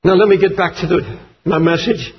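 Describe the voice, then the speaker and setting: A man preaching a sermon, impassioned and shouting at its peaks, reading scripture aloud. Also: sits high, moderate pace, highs cut off. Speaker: pastor.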